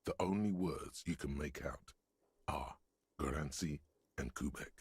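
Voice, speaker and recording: A man voicing a brooding disembodied narrator in a video game, speaking in a slow, measured, literary way. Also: a little mellow, no room sound, exaggerated voice. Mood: solemn. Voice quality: very deep and gravelly. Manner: slow, measured descriptive delivery.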